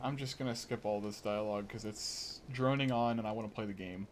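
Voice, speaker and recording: A man's voice: lowish voice, fairly even intonation, a little fast, slight background noise. A man rambling through casual live gameplay commentary, full of fillers and restarts. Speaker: game streamer.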